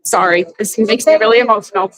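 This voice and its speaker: Local woman at a protest, earnest and pleading, some halting fillers. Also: mid-range voice, fairly even intonation, a bit bright, rough recording. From Wisconsin, USA. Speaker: local resident speaking at a press conference. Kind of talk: impassioned public statement. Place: outdoor protest at a state capitol.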